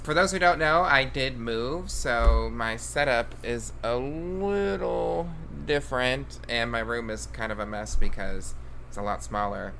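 A man's voice: mid-range voice, unhurried, gravelly, bright, forceful tone, slight background noise. A man hosting a podcast in casual chat, playful and teasing, swearing freely, talking from a small room at home over a video call. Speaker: podcast host.

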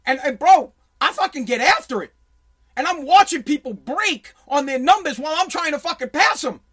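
A man's voice: extremely high pitch, expressive, moderate pace, fairly bright tone. A man telling a story in a profane, intense rant, often restarting his sentences. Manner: intense, swearing, many restarts.

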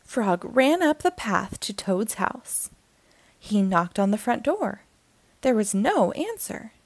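Slow expressive woman storyteller. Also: medium pitch, no echo. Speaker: storytime reader. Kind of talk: children's read-aloud.

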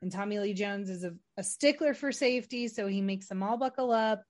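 A woman's voice: medium pitch, fairly quick, darkish tone. A woman co-hosting a casual movie-review chat, talking loosely with many filler words. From Texas. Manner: chatty, lots of "like" fillers. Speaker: podcast co-host.

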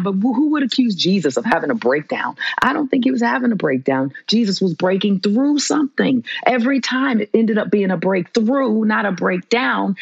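A woman's voice: on the low side, creaky, husky, no room sound, lo-fi sound. A woman, a trauma therapist as guest, teaching in a fervent, preacherly way and repeating lines for emphasis. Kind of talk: impassioned sermon-like teaching.

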